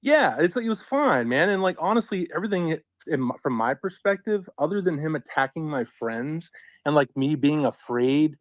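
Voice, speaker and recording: A man's voice: a little high, sing-song, moderate pace, no echo, rough recording. A man in casual online chat, talking heatedly and swearing often. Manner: swearing, worked up.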